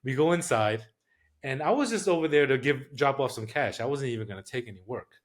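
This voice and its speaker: A man's voice: mid-range voice, lively intonation, a little fast. A man, a podcast guest telling a story in a casual, profane, streetwise way.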